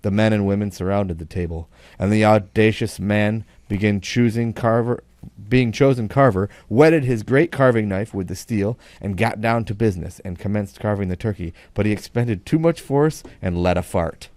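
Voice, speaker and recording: Low-voiced man reading a joke aloud. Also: moderate pace, a little mellow, dry recording. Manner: wry, laughs at himself, restarts lines. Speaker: podcast co-host reading a segment. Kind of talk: casual live podcast banter, reading a long joke aloud.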